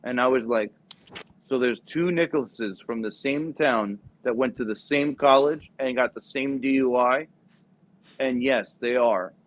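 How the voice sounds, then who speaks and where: A man's voice: mid-range voice, measured pace. A young adult man, a former Marine recruiter, telling a profane story casually and acting out the voices of the people in it. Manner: animated, profane, acts out quoted voices. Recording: dull lo-fi podcast audio.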